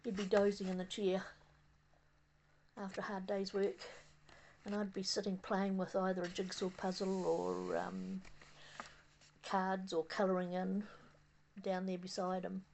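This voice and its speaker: An older woman from New Zealand with a New Zealand accent, reminiscing in a casual, rambling monologue outdoors on a windy day, halting often with fillers and restarts. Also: mid-range voice, completely flat delivery, vocal fry, a little mellow. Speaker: vlogger.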